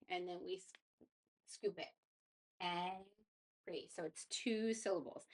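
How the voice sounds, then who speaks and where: A woman's voice: lowish voice, a bit bright. A woman teacher explaining a phonics lesson step by step in a patient, casual way.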